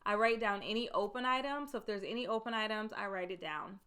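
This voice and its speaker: A woman in her thirties giving casual, emphatic career advice to her viewers, repeating her key points, with a soft voice that she says can sound meek. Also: medium pitch, fast talker, smooth. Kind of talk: casual advice talk to camera.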